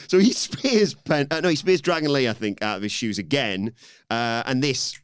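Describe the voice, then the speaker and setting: Man, wrestling podcast co-host, animated recap, acts out quotes, dry close mic. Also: medium pitch, normal speed, clean tone, dry recording. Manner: animated, acts out wrestlers' lines in raised voices. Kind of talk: casual recap of a wrestling show.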